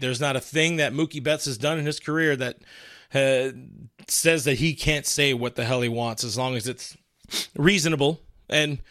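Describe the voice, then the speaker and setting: A man's voice: fairly high pitch, bright, forceful tone, no echo, studio quality. A man hosting a casual live stream, reading chat comments aloud and rambling through them with frequent restarts. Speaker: livestream host.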